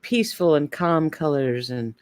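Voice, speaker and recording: A woman guest in a casual online chat, soft-spoken and giggly. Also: low-pitched, lively intonation, normal speed. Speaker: guest co-host.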